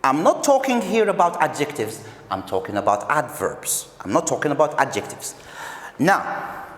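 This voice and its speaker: An Algerian man teaches English in a recorded video lesson, repeating key phrases and explaining things step by step. His voice is a little high, very animated and fairly bright, at normal speed. The room is echoey with long reverb.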